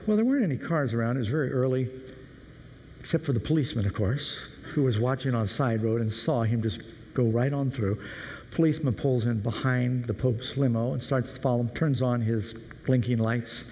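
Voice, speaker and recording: A man's voice: mid-range voice, a little fast, mellow, long reverb tail, rough recording. A man preaching a sermon in a conversational storytelling way. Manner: conversational, anecdotal.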